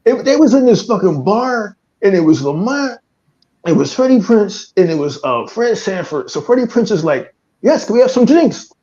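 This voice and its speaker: A man co-hosting a casual podcast, telling stories in a loud, profane way and slipping into impressions. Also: high-pitched, normal speed. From Philadelphia area. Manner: profane, animated storytelling with impressions. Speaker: podcast co-host. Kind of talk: casual chat. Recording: dull lo-fi stream audio.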